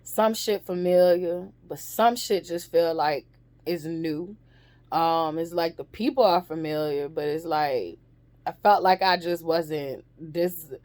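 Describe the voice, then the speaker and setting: A woman's voice: lowish voice, slow pace, a little mellow, no echo. A young adult woman telling a candid, profane storytime, emphatic and rambling. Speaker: vlogger. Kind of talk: casual storytime monologue.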